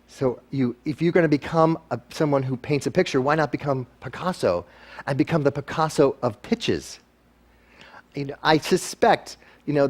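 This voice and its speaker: A man giving a lively motivational talk to a live audience, acting out quoted voices with playful humor. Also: medium pitch. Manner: animated, acts out quoted voices. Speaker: guest speaker.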